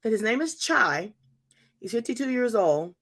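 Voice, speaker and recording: A woman in her fifties hosts a faith-centered talk in an expressive storytelling voice that leaps up and down. Her voice sits a little above the usual range, and she drives points home by repeating them. She speaks to her audience directly and casually. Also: fairly high pitch, moderate pace. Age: 50s. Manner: animated, emphatic repetition, addresses listeners as y'all. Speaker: host.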